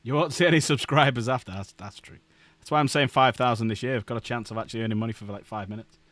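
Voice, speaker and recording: A man's voice: medium pitch, fast talker, a bit bright, dry recording. Joking, cursing man streaming from his desk. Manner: joking, swearing and laughing often. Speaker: live-stream host. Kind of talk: casual live-stream chat while building models.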